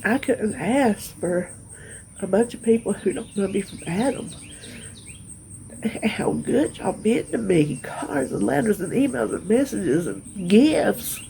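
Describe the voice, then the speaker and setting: A woman's voice: medium pitch, lively intonation, gravelly, mellow, a little hiss or hum. A middle-aged woman, rambling and emotional as she chats to her viewers, sounding tired. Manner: rambling, emotional, drawn-out pauses. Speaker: vlogger. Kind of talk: casual rambling chat to viewers.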